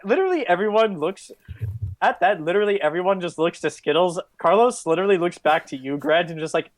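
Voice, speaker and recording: A man's voice: high voice, expressive, a little fast. A man narrating as game master in a casual tabletop game, often laughing and restarting sentences.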